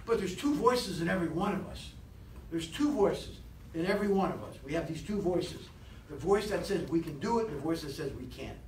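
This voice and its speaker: A man leading a live motivational sales seminar, animated and rousing, constantly quizzing his audience, recorded from a distance in an echoey training room. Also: fairly high pitch, a little fast. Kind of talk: live seminar talk to a class. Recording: echoey room, distant mic, faint hiss.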